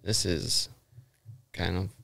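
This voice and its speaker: Chill podcast dude reading a creepy story out loud, laughs a lot, swears. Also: male voice, sits low, fairly even intonation, takes it slowly, vocal fry. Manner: laughs often and swears casually. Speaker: podcast host. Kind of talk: casual chat and reading a story aloud.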